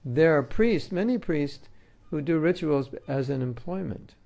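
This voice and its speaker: A spiritual teacher with a deeply gravelly voice delivers a relaxed devotional talk at a measured pace. His tone is dark and mellow, and he keeps things conversational, teaching with homely, everyday examples and light jokes.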